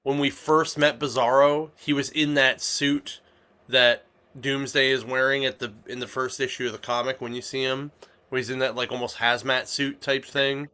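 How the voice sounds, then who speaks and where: Bright-voiced rambling man. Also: medium pitch, little pitch movement, normal speed, clear, resonant tone. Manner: rambling, lots of fillers and restarts. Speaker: comic shop podcast host. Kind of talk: casual chat.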